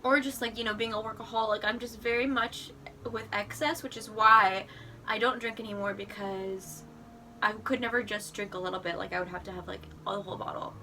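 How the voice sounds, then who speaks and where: A woman's voice: medium pitch, fairly even intonation, brisk, bright, forceful tone. A young woman chatting to camera in a casual vlog, rambling with lots of "like" and "you know.". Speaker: vlogger. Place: outdoors in a city. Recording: voice a little off-mic, faint street noise.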